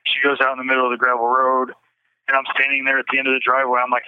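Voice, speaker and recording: A man talking over a tinny phone line, his voice held in a narrow, flat band. He tells his story haltingly, repeating phrases and restarting sentences. The sound is dry, with no room around it. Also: mid-range voice, clean tone, dry recording. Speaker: interview guest. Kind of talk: emotional personal account.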